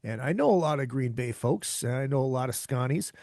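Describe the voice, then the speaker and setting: A man's voice: mid-range voice, expressive, brisk, a little mellow, dry recording, clean studio sound. A man from Minnesota hosting his own podcast from home, talking in a loose, rambling way with many fillers and restarts. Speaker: podcast host. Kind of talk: casual chatty show intro.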